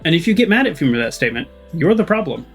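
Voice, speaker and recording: A man's voice: on the high side, big pitch swings, very fast, breathy edge, faint music behind. A man giving casual, chatty commentary while playing a game, laughing often. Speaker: gaming channel host. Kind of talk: casual let's-play commentary.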